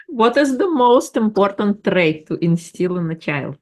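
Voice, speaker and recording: A woman's voice: mid-range voice, darkish tone. A woman hosting a podcast, asking questions and affirming her guest with brief laughs. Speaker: podcast host. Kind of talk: interviewing.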